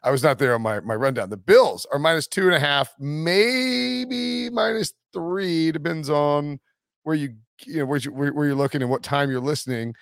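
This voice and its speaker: A man's voice: mid-range voice, fairly quick, no echo, studio quality. A man hosting a sports podcast, chatting casually, joking and laughing often. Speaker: podcast host.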